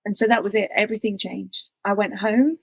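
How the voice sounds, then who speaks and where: A woman's voice: mid-range voice, fairly even intonation, fairly quick, gravelly, husky, no echo. A woman, an interview guest telling a personal story in an intense, confessional way with many fillers.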